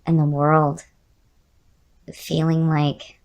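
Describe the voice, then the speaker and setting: A woman with a low, hoarse voice, worn down as she loses it, talks through a casual tarot reading. She muses aloud, often repeating a word twice. She addresses the listener directly and personally. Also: completely flat delivery, extremely slow, a little mellow. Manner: musing, repeats key words, talks straight to the viewer. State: hoarse, losing her voice. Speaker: tarot reader.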